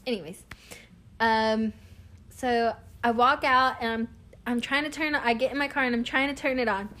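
A young woman, telling a long everyday story in a casual, animated way and laughing often. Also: fairly high pitch, normal speed. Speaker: vlogger.

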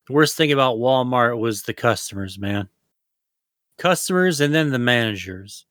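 A man's voice: medium pitch, expressive, moderate pace, fairly bright tone, no echo, clean studio sound. A man co-hosting a podcast, rambling loosely with lots of swearing and jokes. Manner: rambling, profane, loose and jokey. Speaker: podcast co-host. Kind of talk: casual podcast chat.

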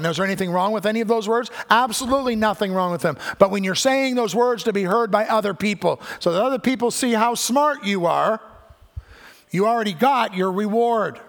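Older guy preaching a sermon, acts out the quotes, high pitched, echoey church hall. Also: a little fast, vocal fry. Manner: animated storytelling, acts out quoted voices. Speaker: pastor. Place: church sanctuary. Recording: church hall with long reverb.

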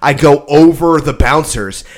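A man's voice: on the high side, measured pace. A man in casual chat, telling a rowdy bar story and acting out the people in it, with lots of swearing. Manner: animated, profane, acts out quotes.

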